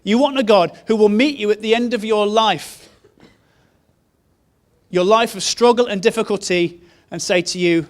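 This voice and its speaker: A man's voice: sits high, normal speed. A man preaching a sermon, telling a story in an earnest way and repeating key phrases. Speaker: pastor.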